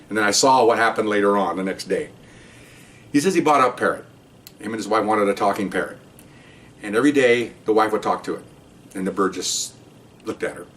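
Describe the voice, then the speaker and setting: A man's voice: fairly low pitch, recorded from a distance. Rambling older male ex-cop storyteller. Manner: rambling, profane, acts out the voices in his story. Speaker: retired police officer storyteller. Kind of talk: casual anecdote telling.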